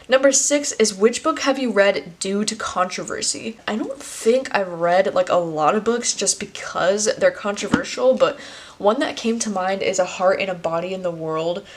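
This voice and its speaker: A young woman in her twenties talking casually to camera about books. She speaks in a mid-range voice, leans on "like" as a filler and swears freely. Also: medium pitch. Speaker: book video creator. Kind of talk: casual chat.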